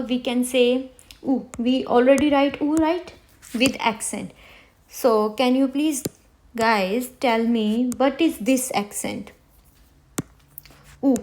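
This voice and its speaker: A woman teaching a beginner French lesson, who slowly repeats each word for her students. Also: fairly high pitch, a little mellow, a little hiss or hum. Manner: slow, repeats words for students to hear.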